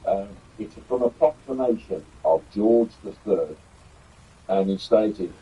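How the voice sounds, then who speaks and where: A man's voice: lowish voice, lively intonation, slow, husky, highs cut off. An older man hosting a history video, talking casually about an old keepsake with some rambling and filler words. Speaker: YouTube history host. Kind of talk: casual show-and-tell presentation.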